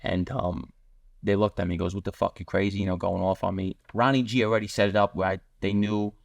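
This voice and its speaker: A man with a deep, gravelly voice and little pitch movement tells blunt street stories as a podcast guest, with no echo. He talks rapidly and voices other people in quotes.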